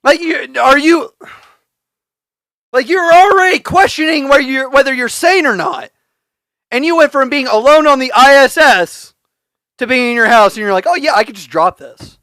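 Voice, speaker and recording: A man's voice: extremely high pitch, normal speed, long pauses, pushed and bright, no echo. A man co-hosting a podcast, ranting in heavy profanity and laughing often in casual chat. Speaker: podcast co-host.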